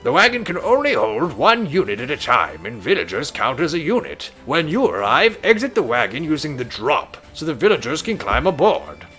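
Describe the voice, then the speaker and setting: A man voicing a calm royal advisor. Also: fairly high pitch, heavily acted. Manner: measured, explanatory tutorial reading. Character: loyal male royal advisor, calm and instructive. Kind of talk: streamer voicing game dialogue.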